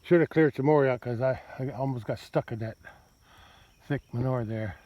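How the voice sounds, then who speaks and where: Male farmer of medium pitch, narrating his outdoor chores with a rambling, chatty delivery and speaking to his cattle in between. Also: normal speed, warm tone, no room sound. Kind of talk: casual self-narrated vlog. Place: outdoors on a farm pasture.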